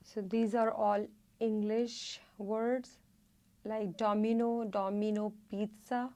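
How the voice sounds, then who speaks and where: Woman teacher, very slow, careful drills with repeated words, mid-pitched voice. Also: flat delivery, darkish tone. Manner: slow, careful, repeats each word twice. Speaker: Hindi teacher.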